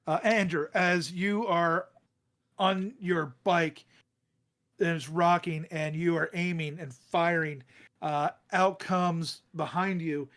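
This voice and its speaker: Slightly high-voiced man as game master. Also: a bit bright. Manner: halting, with many fillers and restarts. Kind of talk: narrating a tabletop game.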